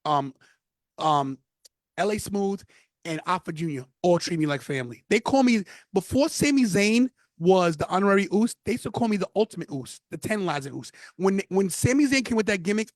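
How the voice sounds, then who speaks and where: A man from New York, a podcast guest, telling stories in an animated, casual way. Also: high voice, brisk, no echo. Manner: animated storyteller. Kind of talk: casual interview.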